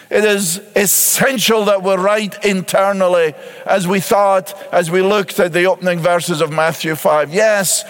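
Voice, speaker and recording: A male pastor with a high voice delivers a sermon, pressing each point home with repetition and rhetorical questions. His words ring out with a long reverb, as if he is recorded in a large church sanctuary. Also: fairly bright tone. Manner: emphatic preaching with repeated phrases and rhetorical questions.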